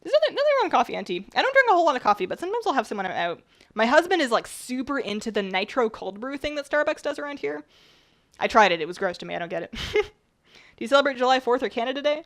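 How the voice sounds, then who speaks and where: Chatty woman, a little rough from a cold. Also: high-pitched, big pitch swings, very fast. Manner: chatty, rambling, lots of "like". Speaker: baking streamer. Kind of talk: casual chat while baking.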